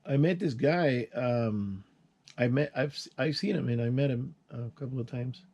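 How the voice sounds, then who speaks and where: An older man talks in a relaxed, mellow tone, drifting from one story to the next as he works with his hands. His delivery is folksy and unpolished, full of restarts and sound words like "boom.". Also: normal speed, breathy edge. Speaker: channel host. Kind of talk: casual vlog storytelling while working.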